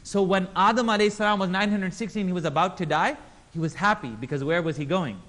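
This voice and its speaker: Lively man teaching a religious class. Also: high-pitched, quick pace. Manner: animated, acts out quotes in voices; engages audience with questions. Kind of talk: Islamic class lecture.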